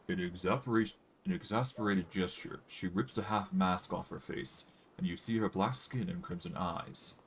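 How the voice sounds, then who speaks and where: A man's voice: sits low, normal speed, few pauses, slight background noise. A man streaming a fantasy role-playing game, casually thinking aloud and narrating the game's text. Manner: relaxed, thinking aloud with fillers.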